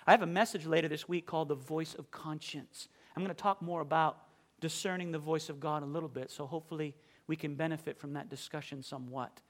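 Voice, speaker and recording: A man preaching a sermon, asking the congregation questions and reading scripture with slow, drawn-out emphasis, his delivery swinging from booming to hushed. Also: fairly even intonation.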